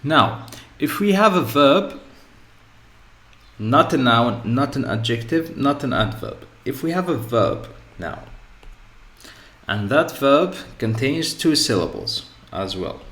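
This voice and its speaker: A man teaching an English pronunciation lesson, speaking deliberately and repeating each example word several times for emphasis. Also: medium pitch, sing-song, fairly bright tone. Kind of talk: grammar lesson. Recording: echoey room.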